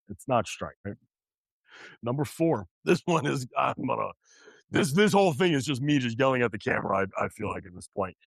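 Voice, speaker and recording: A man's voice: mid-range voice, very animated, brisk, vocal fry, no echo. A man hosting a podcast, delivering a blunt motivational monologue in an emphatic, preachy way and repeating his points. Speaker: podcast host.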